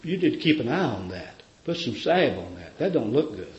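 A woman's voice: rumbling low, very animated, normal speed, darkish tone. A man preacher voicing a worried wife urging her husband to see the priest, in a roomy, dull lo-fi recording.

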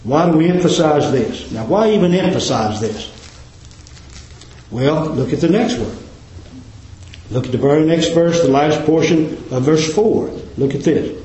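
A man preaching a sermon, fervently rising to emphatic peaks and dropping to quiet endings. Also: on the high side, lively intonation, a little slow, roomy sound, rough recording. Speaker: pastor. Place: church.

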